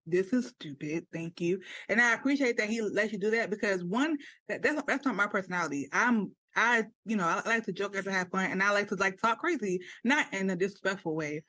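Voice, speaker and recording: A woman's voice: medium pitch, a little fast, few pauses, dry recording. A young woman co-hosting a casual podcast chat, telling stories with dramatic, acted-out quotes. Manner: animated storyteller, acts out quotes dramatically. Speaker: podcast co-host.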